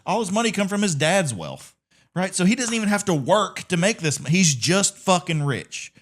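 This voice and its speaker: A man's voice: sits high, normal speed. A man co-hosting a podcast, telling stories in casual chat and swearing freely. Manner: animated storytelling, swearing, laughing often. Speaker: podcast co-host.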